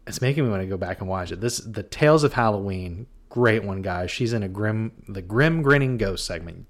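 A man co-hosting a podcast in casual chat, animated and joking. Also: lowish voice, brisk. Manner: animated and joking, with laughs and bits of quoting. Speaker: podcast co-host.

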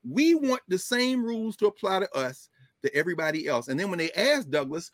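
A middle-aged man, a professor, giving animated, emphatic conversational commentary, digressing often and breaking into laughter. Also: high voice, brisk, no echo, clean studio sound.

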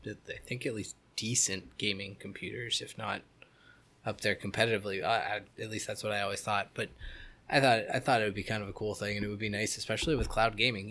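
A man's voice: lowish voice, a bit bright. A man in his thirties co-hosting a casual gaming podcast, rambling and joking with many restarts. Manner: rambling, self-correcting, joking. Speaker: podcast co-host. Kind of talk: casual chat.

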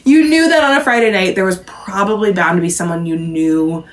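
A woman's voice: medium pitch, a little fast. A woman in her thirties co-hosting a podcast, chatting casually and laughing often, with lots of fillers. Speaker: podcast co-host. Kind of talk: casual chat.

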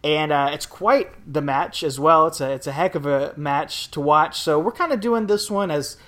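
A man's voice: a little high, normal speed, fairly bright tone. A man co-hosting a podcast, talking in a casual, upbeat, chatty way with a few fillers. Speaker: podcast co-host.

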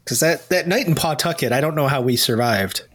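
A man's voice: medium pitch, expressive, brisk, a bit bright, breathy edge. A man co-hosting a podcast, chatting casually and teasing his guest. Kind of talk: casual chat.

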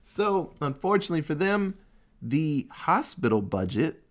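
A man's voice: a little high, very animated, measured pace. A man recapping a movie in casual chat, rambling and swearing freely. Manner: rambling, profane, storytelling.

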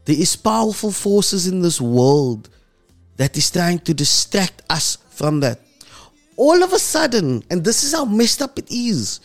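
A man with a South African accent hosting an emotional commentary monologue, impassioned and dropping low and soft when moved. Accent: South African English. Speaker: host.

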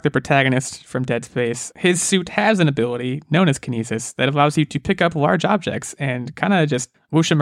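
A man's voice: medium pitch, dry recording, clean studio sound. A man co-hosting a casual podcast, talking eagerly and rambling with restarts. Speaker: podcast co-host, game expert.

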